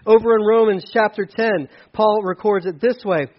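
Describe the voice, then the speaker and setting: A man preaching a casual sermon as pastor, conversational with self-deprecating asides and lively storytelling. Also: high voice, normal speed, highs cut off. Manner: conversational, self-deprecating asides, animated when telling stories.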